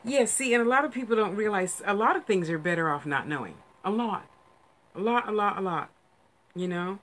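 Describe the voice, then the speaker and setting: A woman's voice: medium pitch, animated, brisk, fairly bright tone. A woman hosts a casual psychic livestream. She talks in a rambling, effusive way and laughs often, gushing over her viewers as she chats. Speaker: psychic medium livestream host.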